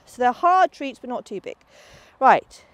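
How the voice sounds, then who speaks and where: Lively high-voiced woman dog trainer. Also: unhurried, no room sound. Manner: lively, high sing-song praise to the dog between explanations. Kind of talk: instructional demonstration outdoors. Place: outdoors in a field.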